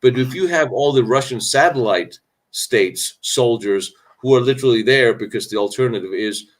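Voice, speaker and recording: A man's voice: mid-range voice, moderate pace. A man hosting a live stream Q&A on battlefield history, talking candidly and rambling, with sarcastic asides and frequent restarts. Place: indoors, traveling on location.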